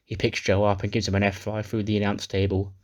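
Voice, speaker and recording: A man's voice: fairly low pitch, monotone, quick pace, a little mellow. A man narrating a wrestling simulation playthrough, recapping matches casually. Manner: recaps storylines casually with swearing. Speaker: game player narrating.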